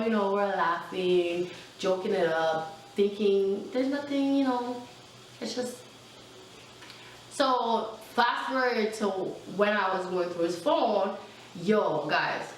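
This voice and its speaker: A young adult woman telling a personal storytime in a casual, animated way, full of fillers and asides. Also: medium pitch, distant mic, a little hiss or hum. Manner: chatty, animated, lots of fillers. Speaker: vlogger. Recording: very echoey room, mic set back.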